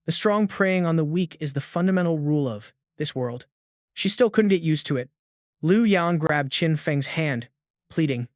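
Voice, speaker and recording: Male narrator, steady scripted recap reading, dry sound. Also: on the high side, moderate pace, no room sound.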